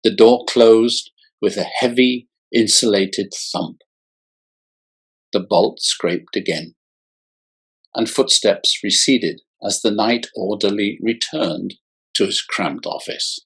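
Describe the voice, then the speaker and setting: A male author reading his own novel aloud in a slow, measured way. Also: on the low side, a bit bright, husky.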